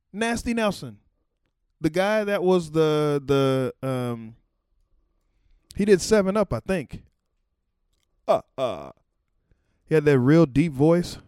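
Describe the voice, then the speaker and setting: A man's voice: mid-range voice, darkish tone, no room sound, studio quality. A man telling a loose, rambling story in casual chat, with profanity and laughing asides. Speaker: former White House camera operator.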